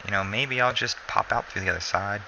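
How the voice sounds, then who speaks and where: A man's voice: fairly low pitch, a little fast, vocal fry, muffled recording, noisy background. A sleepy man giving casual gameplay commentary, rambling and correcting himself as he plays. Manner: rambling, self-correcting, relaxed. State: sleepy, yawning.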